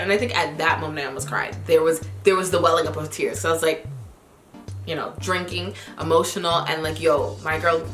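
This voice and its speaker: A woman vlogger telling stories to her viewers in a chatty, animated way, full of filler words. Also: on the low side, fast talker, roomy sound, faint music behind. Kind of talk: casual storytelling to camera.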